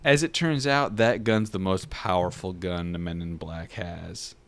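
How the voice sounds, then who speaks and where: A man with a very low voice chats casually as a podcast co-host. He riffs and jokes with his friends and drops casual swears as he goes. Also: unhurried, a bit bright. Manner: jokey, riffing, swears casually. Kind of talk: casual chat.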